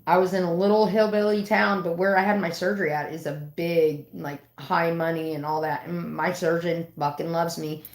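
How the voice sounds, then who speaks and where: A woman's voice: on the low side, fairly even intonation, normal speed, few pauses. A woman hosting a livestream, telling a story in a casual, profane, rambling way. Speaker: livestream host. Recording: roomy echo.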